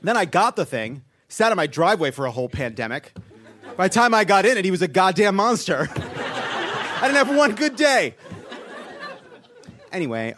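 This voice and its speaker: A man's voice: fairly high pitch, background noise. A man hosting a podcast, delivering a sardonic comedic news monologue with swearing and laughing at his own jokes. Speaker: podcast host.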